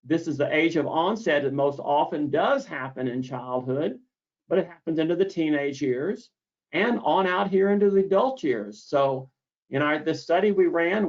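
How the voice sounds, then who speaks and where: Man lecturing over dull lo-fi audio. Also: fairly high pitch. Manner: deliberate, repeats key words for emphasis. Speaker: misophonia therapist explaining treatment. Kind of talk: explanatory lecture.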